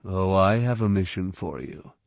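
A man voicing a calm male mentor who speaks softly, evenly and soothingly. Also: deep voice, moderate pace, gravelly, no echo, studio quality. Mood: serene. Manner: soft, even, soothing.

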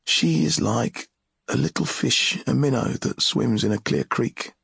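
A man voicing a brooding, regretful young male wizard in an audiobook, speaking gravely and mournfully. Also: mid-range voice, unhurried, fairly bright tone, dry recording, clean studio sound, pitched above the performer's own voice, exaggerated voice. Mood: tender. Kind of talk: audiobook character reading.

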